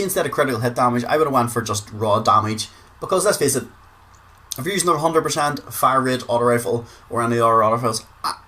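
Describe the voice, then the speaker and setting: A man's voice: medium pitch, bright, forceful tone. A man with a Northern Irish accent giving casual gaming commentary, chatty, swearing freely and repeating words for emphasis. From Northern Ireland. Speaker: gaming video creator.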